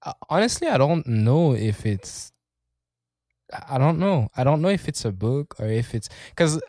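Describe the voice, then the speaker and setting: Man, casual co-host, middle pitch, rambling and profane, dry close sound. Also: very animated, moderate pace, dark tone, no echo. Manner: rambling, swears often, laughs mid-sentence. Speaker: podcast co-host. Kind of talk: casual chat.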